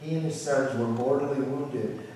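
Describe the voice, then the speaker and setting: A man who is a rabbi, telling a folk story in an animated lecture, often repeating words as he goes, in a synagogue sanctuary. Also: mid-range voice, moderate pace, slight background noise. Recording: echoey hall, distant mic.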